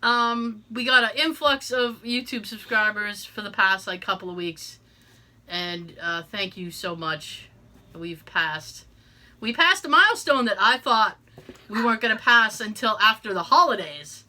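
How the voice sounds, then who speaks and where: A woman's voice: medium pitch, expressive, a little slow, sharp tone. A woman co-hosting a podcast in casual chat, talking in a rambling way with lots of fillers and restarts. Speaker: podcast co-host.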